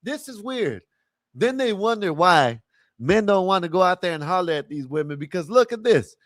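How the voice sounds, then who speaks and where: A man's voice: high voice, very animated, normal speed, no echo, clean studio sound. A man hosting a livestream, giving blunt, profane commentary on a video clip and asking rhetorical questions. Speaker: livestream host reacting to a clip. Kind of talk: casual live commentary.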